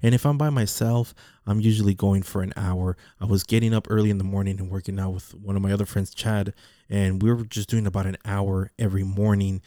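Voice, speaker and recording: A man's voice: fairly low pitch, steady tone, fairly quick, dark tone, no room sound, studio quality. A man talking casually in a rambling monologue, repeating words and restarting his sentences. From Mexican heritage.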